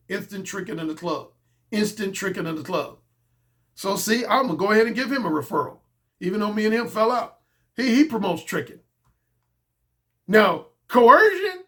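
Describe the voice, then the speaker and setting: Middle-aged guy ranting blunt and repetitive, high-ish voice, coach giving his take. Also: a bit bright. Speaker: dating coach. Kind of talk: solo commentary monologue.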